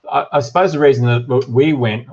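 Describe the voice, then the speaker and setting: A man's voice: mid-range voice, fairly even intonation, a little fast, a little mellow, highs cut off. A middle-aged Australian man hosting a casual live stream, reading viewer comments aloud and chatting with lots of ums and uhs. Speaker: livestream host and shop owner.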